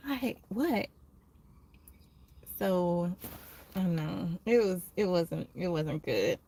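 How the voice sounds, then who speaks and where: A young adult woman chatting casually with viewers on her livestream, telling stories in an animated way and acting out what people said. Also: mid-range voice, takes it slowly. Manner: chatty, animated storytelling with quoted voices. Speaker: livestream host.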